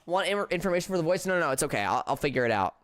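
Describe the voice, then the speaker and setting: A man's voice: on the high side, very animated, racing, fairly bright tone, no echo, clean studio sound. A young man streaming a mystery game, chatting in a rambling, stammering, self-deprecating way between voiced lines. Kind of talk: casual gameplay commentary and voice acting.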